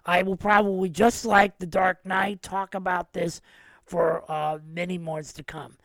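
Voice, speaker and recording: A man's voice: high-pitched, no room sound. A man hosting a podcast, giving a casual and enthusiastic film review and retelling scenes at length. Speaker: podcast host.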